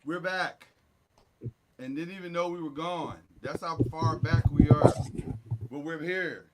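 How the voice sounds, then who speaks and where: A man hosting a casual sports talk show, recapping games in an animated, joking way with sound effects. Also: fairly high pitch, a little slow, background noise.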